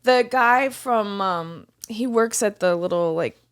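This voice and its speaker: A woman co-hosting a podcast, telling a story in casual chat, animated and full of restarts. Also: medium pitch, slow pace, clean tone. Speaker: podcast co-host.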